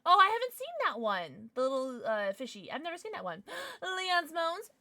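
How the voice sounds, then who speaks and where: Bubbly, bright-voiced woman streamer. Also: high voice, big pitch swings, a little fast, hardly any pauses, dry recording, clean studio sound. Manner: bubbly, greets chat by name and blows kisses. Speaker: livestream host. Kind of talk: casual livestream chat.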